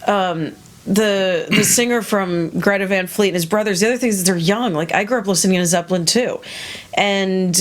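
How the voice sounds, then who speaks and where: Woman, interview guest, opinionated and blunt, swears freely, casual talk. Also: brisk. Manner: blunt, swearing, animated with sudden high quoted voices. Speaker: interviewed musician.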